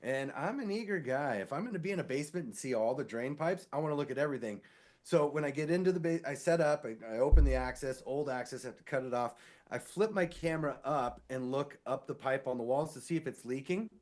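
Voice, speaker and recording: Animated man telling a story. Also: medium pitch, quick pace. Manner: animated, acts out quoted voices. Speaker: podcast co-host; sewer inspector. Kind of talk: casual storytelling chat.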